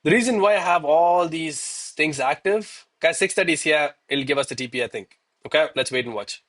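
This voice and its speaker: A man from South India exasperatedly critiques his own trades while live-streaming his gold trading, saying "bro" and "man" again and again. He speaks a little fast, in a fairly high, fairly bright voice.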